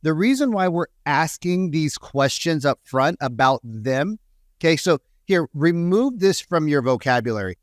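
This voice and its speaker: A man coaching real estate agents on a podcast, animated, acting out phone calls in quick voices. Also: a little high, no room sound, studio quality. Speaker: sales coach, podcast co-host. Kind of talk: energetic coaching talk with acted-out quotes.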